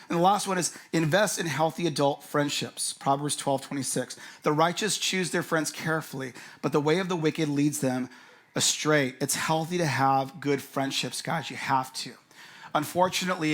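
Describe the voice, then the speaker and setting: A man's voice: on the high side, fairly bright tone. A middle-aged man preaching a sermon in a candid, conversational way, often calling the crowd guys. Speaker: pastor.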